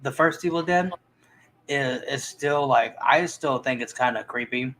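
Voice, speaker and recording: Man, casual movie chat, rambling, restarts, fillers, medium pitch. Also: a little slow, fairly bright tone, slight background noise, rough recording. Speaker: movie reviewer.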